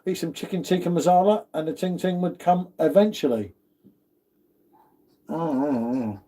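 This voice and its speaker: A British man with a mellow, slightly high voice hosts a casual livestream at a normal speed. Chatty and friendly, he reads out viewer comments and greets everyone as "mate."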